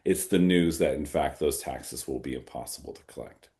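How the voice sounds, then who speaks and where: A man, an author, answering audience questions in a relaxed fireside-chat conversation, thinking aloud and repeating phrases for emphasis. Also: rumbling low, normal speed.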